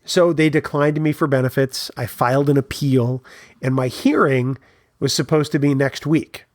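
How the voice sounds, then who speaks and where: A man's voice: medium pitch, moderate pace, dry recording, studio quality. A man co-hosting a podcast, telling long funny anecdotes in casual chat. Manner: storytelling, animated anecdotes. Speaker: podcast co-host.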